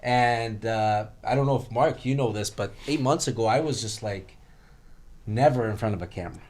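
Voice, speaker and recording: A man's voice: medium pitch, moderate pace, darkish tone. A man hosting a casual podcast interview, rambling and searching for his words. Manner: rambling, many fillers and restarts. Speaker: podcast host.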